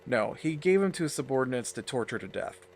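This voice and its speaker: A man's voice: mid-range voice, sing-song, a little fast. A man with a mid-range voice chats loosely over his gameplay, stringing thoughts together with plenty of ums and restarts. A faint hiss of background noise sits under his voice. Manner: rambling, filler-heavy, chatty. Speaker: let's play host. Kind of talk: casual gameplay commentary.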